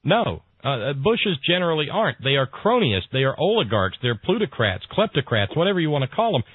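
A man's voice: fairly high pitch, big pitch swings, a little fast, husky, dry recording. Hesitant male talk radio host. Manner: rambling, full of hesitations and repeated words. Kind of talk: political talk radio chat. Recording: dry, tinny phone-like broadcast audio.

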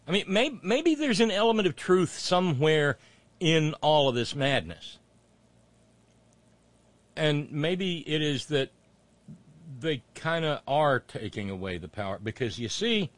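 Sarcastic man with lively pitch. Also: no room sound. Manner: mocking, mumbling asides, rising rants. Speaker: political commentary host. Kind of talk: sarcastic commentary on clips.

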